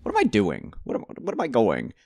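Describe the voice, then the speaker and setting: A man giving let's play commentary on a horror game, rambling to himself with stammered restarts and sudden loud excited outbursts. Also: mid-range voice, a little fast, creaky, dry recording, clean studio sound. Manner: rambling nervous self-talk, repeated stammered restarts. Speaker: gamer playing a horror game.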